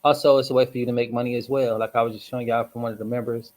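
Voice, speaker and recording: A man hosting a casual livestream, reflective and rambling, hoarse from smoking and clearing his throat often. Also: mid-range voice, level tone, rapid-fire, a little mellow, low-quality recording. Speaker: host.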